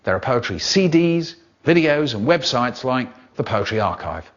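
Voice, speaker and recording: An older man, a poet and storyteller who performs poems and talks in a playful, highly expressive way, drawing out his words. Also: normal speed, dull audio. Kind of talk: expressive poetry performance and talk.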